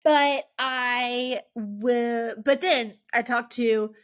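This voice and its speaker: A young woman hosting a casual faith-based podcast, chatty and animated, with many "like" fillers. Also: a little high, extremely slow, clean tone. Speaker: podcast host.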